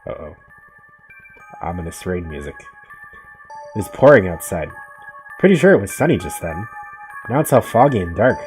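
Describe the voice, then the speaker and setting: A young gamer plays a horror game in a let's play, reading the story text aloud dramatically and tossing in casual jokes between lines. His low voice swings widely in pitch at a moderate pace, with long pauses, over music.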